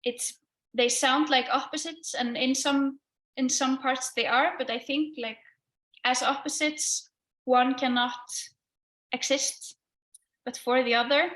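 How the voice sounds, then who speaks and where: Slow-speaking woman artist giving a talk. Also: high voice, fairly even intonation, a bit bright. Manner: thoughtful, hesitant with fillers. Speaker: guest artist. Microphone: video call with headphones.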